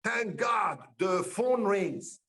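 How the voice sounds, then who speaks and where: High-voiced man telling animated anecdotes. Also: shouting. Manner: animated, acts out others' lines, laughs often; halting, ungrammatical non-native phrasing. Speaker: guest. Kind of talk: casual anecdote storytelling.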